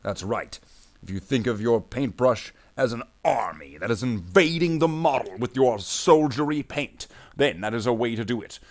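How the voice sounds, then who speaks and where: A man's voice: mid-range voice, expressive, moderate pace. A man streaming himself painting miniatures, chatting casually and jokily in a space marine persona and calling his viewers brothers. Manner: rambling and jokey, calls viewers "brother Marines".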